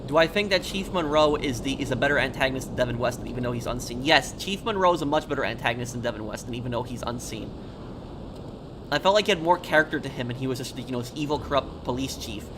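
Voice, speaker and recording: A man talking through a live game stream, answering viewer questions in a loose, halting, chatty way. He sounds a little tired and unhurried. Game sounds run clearly under his voice. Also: medium pitch, animated, noisy background.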